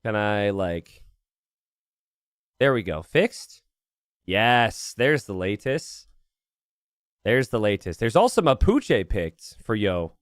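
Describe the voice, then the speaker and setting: A game caster with a fairly low, sing-song voice speaks slowly and pauses often while casting a strategy game live. He chats and rambles, thinking aloud and replying to his chat, captured in clean studio sound with no room sound.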